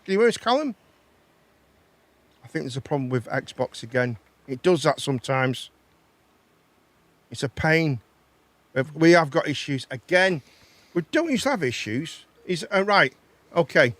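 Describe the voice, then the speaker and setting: A man's voice: fairly high pitch, big pitch swings, a little slow, pauses often, a bit bright, no echo. A man hosting a live chat show and phone-in, chatty and teasing, and he laughs often. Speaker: host.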